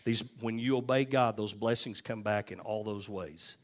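A man's voice: lowish voice, moderate pace. A man preaching a sermon, telling personal stories and asking the congregation "amen?" and "okay?" as he goes. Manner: conversational preaching, frequent "amen?" and "okay?" asides, storytelling. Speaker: pastor.

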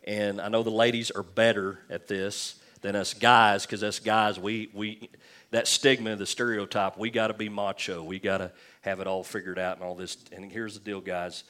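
A man's voice: on the low side, little pitch movement, normal speed, a bit bright. A man preaching a sermon as pastor, talking conversationally with jokes and frequent restarts.

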